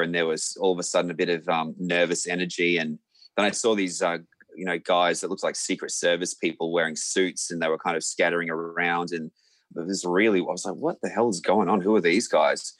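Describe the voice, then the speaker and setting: A young Australian man, a musician, telling a lively anecdote in a casual interview, full of fillers and restarts. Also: deep voice, a little fast, no room sound. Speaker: musician guest.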